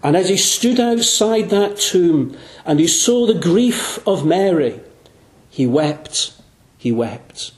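A man preaching an evangelistic sermon in a church, earnest, slowing down and dropping his voice low on the key phrases. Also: expressive. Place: church room. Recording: echoey room.

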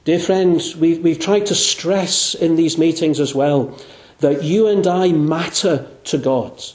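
A man preaching a sermon, earnest and emphatic. He slows right down and drops low on the words he wants to stress. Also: darkish tone. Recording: roomy echoing hall.

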